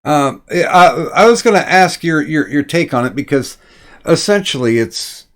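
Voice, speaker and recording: A man hosting a casual online chat, asking his guests questions in a halting, thoughtful way. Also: on the high side, expressive. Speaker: podcast host.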